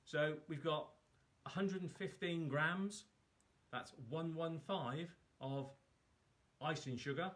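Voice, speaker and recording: A man's voice: on the high side, takes it slowly, a bit bright. A man hosting a live cook-along, chatting casually and poking fun at himself as he talks viewers through each step. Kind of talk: casual live cooking demo.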